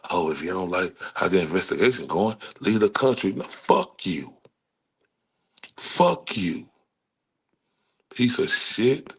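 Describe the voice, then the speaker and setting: Gravelly angry Texan man ranting. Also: low voice. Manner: angry, cursing, talks to viewers. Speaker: true-crime commentator. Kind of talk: profane ranting commentary.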